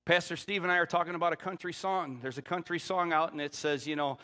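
A middle-aged man preaching a sermon as pastor, rising to loud emphatic peaks and dropping low and quiet for quoted lines. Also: moderate pace. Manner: drops to a low, quiet voice when quoting the Spirit.

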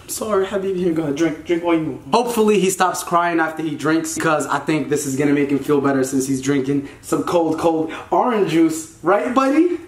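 A man in his twenties vlogging to a handheld camera at home and out in a garden, talking in an animated, exasperated, slangy way. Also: fairly high pitch, a little fast, hardly any pauses. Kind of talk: casual vlog to camera. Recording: roomy echo, loud background noise.

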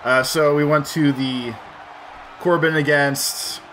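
Man, let's play host: bright, tense, slightly high voice, rambling and foul-mouthed. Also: fairly even intonation, slow, a faint crowd, slight background noise. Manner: rambling and profane, thinking aloud. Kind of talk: casual commentary while gaming.

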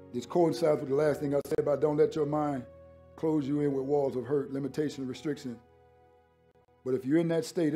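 A man preaching a sermon as pastor, shouting hard, then talking lower while catching his breath. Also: vocal fry.

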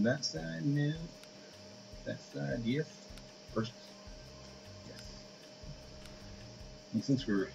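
Low-ish guy rambling through a game video, muffled sound, hiss behind. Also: vocal fry. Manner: rambling, chatty, playful. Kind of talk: casual let's play commentary. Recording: dull lo-fi audio with hiss.

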